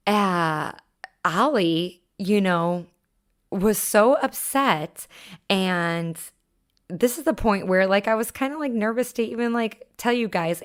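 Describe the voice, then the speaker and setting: A woman hosting a podcast, telling a personal story in a casual, reflective monologue full of filler words. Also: fairly low pitch. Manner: conversational, many filler "like"s, self-reflective. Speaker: podcast host.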